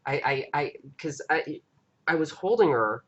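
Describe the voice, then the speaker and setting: A man hosting a live stream, earnestly recounting an experience in a halting, casual way with frequent restarts. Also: a little high, expressive, slightly rough, muffled recording. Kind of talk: casual storytelling.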